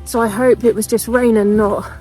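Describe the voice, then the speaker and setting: A young woman talking casually to her camera as she walks, chatty and candid, with quick asides. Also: fairly high pitch, steady tone, dark tone, faint music behind, rough recording. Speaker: vlogger. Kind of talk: casual travel vlog narration.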